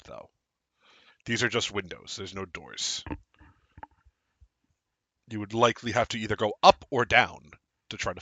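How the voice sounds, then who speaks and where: A man narrating a tabletop game as game master, describing scenes slowly. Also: lowish voice, bright, forceful tone, no room sound.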